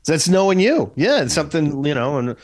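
A man co-hosting a podcast in casual chat, talkative and quick to laugh. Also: on the high side, very animated. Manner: laughs often, eager and talkative.

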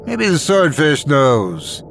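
A man voicing a nervous young male diver who turns bitter and snappish when he is scared. His lines come panicky and clipped, pitched a little higher than the narration. This is a read-aloud horror tale. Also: animated, moderate pace, faint music behind, lightly acted.

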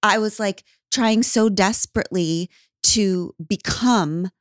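A woman in a relaxed podcast conversation, telling a personal story with candid humor and the odd swear. Her voice sits at an ordinary middle pitch. She is recorded close up, with a dry, unroomy sound. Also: slow, no echo. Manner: candid, swears, acts out her own past lines. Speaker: podcast guest. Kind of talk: casual storytelling chat.

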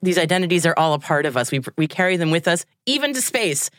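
A young woman hosts an interview, effusive and rambling, with her thoughts spilling out through filler words. Her voice sits a little low and is recorded dry and close. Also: animated, fast talker, fairly bright tone, dry recording. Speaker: podcast host. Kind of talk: interview questions.

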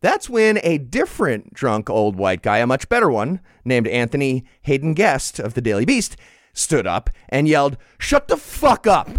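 A man's voice: mid-range voice, very animated, moderate pace, no echo, clean studio sound. A man co-hosting a comedy news podcast, reading quotes aloud with sarcastic comic emphasis. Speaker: podcast co-host. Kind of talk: casual comedic news chat.

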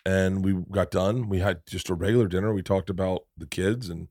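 A middle-aged man talks in a low register and tells a long anecdote full of asides and cursing. The studio mic is close and dry, with no room sound. His delivery sounds loose and conversational. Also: a little fast, dry recording. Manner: storytelling, profane, animated asides. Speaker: podcast guest. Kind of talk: casual chat.

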